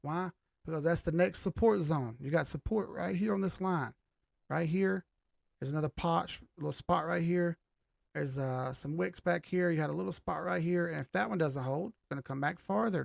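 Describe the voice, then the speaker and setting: He hosts a casual chart livestream, reading chat in a loose, joking manner while his voice strains and begins cracking. His voice is on the high side for a man, gravelly and a little mellow. The sound is clean studio audio without echo.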